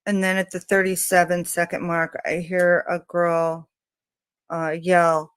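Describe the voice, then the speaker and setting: A woman hosting a true crime channel, describing audio clips in a hesitant way with many pauses and fillers. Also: fairly low pitch, clear, resonant tone, no echo. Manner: hesitant, many ums, slow and even.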